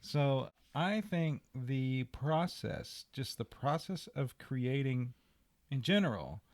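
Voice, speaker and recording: A man, co-hosting a podcast, relaxed and reflective with easy laughs. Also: medium pitch, slow, no room sound. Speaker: podcast co-host. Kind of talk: casual chat.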